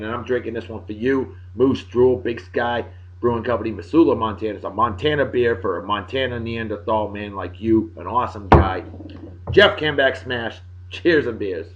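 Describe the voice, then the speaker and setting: A man hosting a casual video blog, giving jokey shout-outs to friends in a boisterous way that swings between loud and soft. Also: mid-range voice. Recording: dull lo-fi sound.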